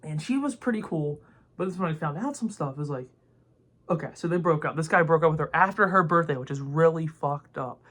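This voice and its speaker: A man's voice: a little high, animated, a little fast, fairly bright tone. A young man ranting to camera in a rambling, heated way, full of filler words and swearing. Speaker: vlogger. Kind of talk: casual opinion rant to camera.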